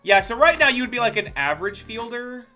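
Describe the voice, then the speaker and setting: A game streamer talking casually over gameplay. The voice is bright and sharp, and it swings widely in pitch. The delivery is jokey and profane, full of teasing asides to viewers. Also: big pitch swings, fairly quick, faint music behind. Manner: joking, profane, chatty with viewers.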